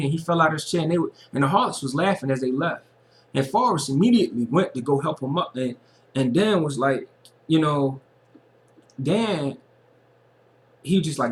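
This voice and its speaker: A man's voice: on the high side, animated, normal speed. A man giving an earnest, casual personal monologue as a vlogger, and he repeats phrases for emphasis.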